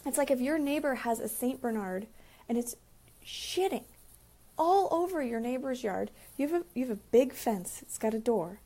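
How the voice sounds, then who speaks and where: Woman, relationship coach, gravelly fry, fairly high voice, animated, casual advice talk. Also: moderate pace. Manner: animated, acts out quoted dialogue.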